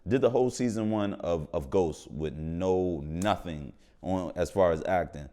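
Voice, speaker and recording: A man's voice: sits low, a little slow. A slangy New man telling stories. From New York. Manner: slangy, animated, acts out quoted voices. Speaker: podcast guest, actor. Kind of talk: casual storytelling.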